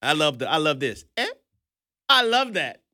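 Playful guy hosting a commentary show, swoopy lively voice, bright, dry close mic. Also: fairly high pitch, a little fast, no echo. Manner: playful, repeats points emphatically, laughs often. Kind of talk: animated political commentary.

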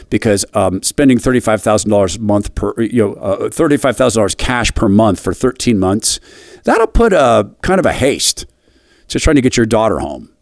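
A middle-aged man hosting a radio commentary, telling a personal story in an earnest, halting way with frequent restarts. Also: darkish tone, no echo, studio quality. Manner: earnest, halting, with restarts and a wide pitch swing.

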